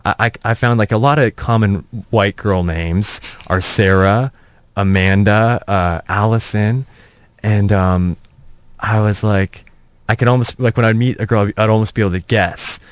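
A man's voice: on the low side, unhurried, clean tone, no room sound. A young man, a comedian, telling self-mocking stories in a rambling way that trips over its own words. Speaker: comedian, interview guest. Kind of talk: casual anecdotal storytelling.

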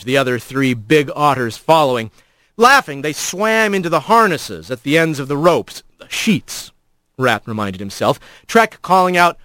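A man reading a storybook aloud as narrator, in an expressive, animated way. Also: a little high, moderate pace, no echo.

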